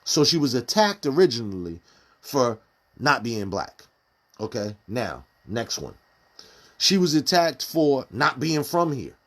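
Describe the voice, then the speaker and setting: A man's voice: mid-range voice, big pitch swings, a little slow, fairly bright tone. A man giving casual live-stream commentary, firing off rhetorical questions in street slang. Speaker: community commentator.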